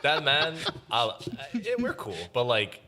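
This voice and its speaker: A man's voice: on the high side, big pitch swings, slow pace, over a noisy crowd. A man chatting casually on a gamer podcast, often laughing as he tells stories.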